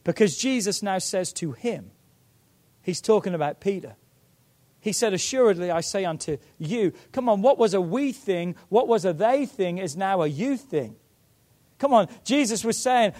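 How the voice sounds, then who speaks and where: High-voiced man preaching with drama. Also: expressive, moderate pace. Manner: dramatic storytelling, swings from loud to hushed. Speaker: pastor. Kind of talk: sermon.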